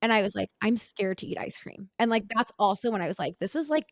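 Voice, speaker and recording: A woman in her twenties, a podcast co-host, talking candidly about her past in a halting, earnest way with many filler words. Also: medium pitch, expressive, dry recording. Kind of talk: candid personal conversation.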